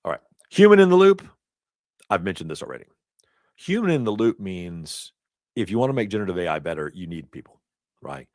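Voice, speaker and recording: A man with a low, deep voice leads a class in a loose, talkative way and drifts into little stories along the way. The sound is dry and close, with almost no room around it. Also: very animated, fairly quick, pauses often, darkish tone, no room sound. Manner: chatty, storytelling asides with laughs. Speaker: instructor. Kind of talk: casual lecture. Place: classroom or event hall.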